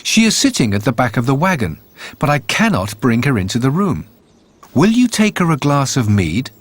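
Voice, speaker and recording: A man voicing a cunning, poor young farmer in a storybook, sly and quick. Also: medium pitch, big pitch swings.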